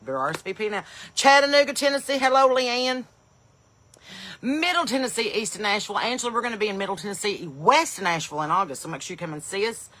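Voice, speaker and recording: A woman, hosting a live stream and chattily greeting viewers, calling out their places with eager bursts of loudness. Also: medium pitch, lively intonation, fast talker. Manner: chatty, calls out place names loudly and eagerly. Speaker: comedian and podcast host.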